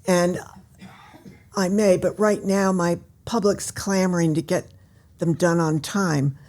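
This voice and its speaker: An older woman, an author, chatting as a guest in an interview and telling her stories in an animated, theatrical way. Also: on the low side, slow. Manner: animated storyteller who acts out scenes. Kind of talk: casual interview chat.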